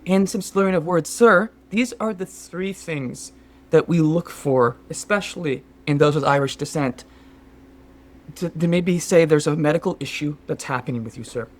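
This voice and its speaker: A Canadian podcast co-host, speaking in his normal voice at a fairly high pitch and moderate pace, lightly acts out a scheming, overly polite Sherpa guide in an improvised comedy sketch. He fusses with fake worry, fawning and tacking "sir" onto everything.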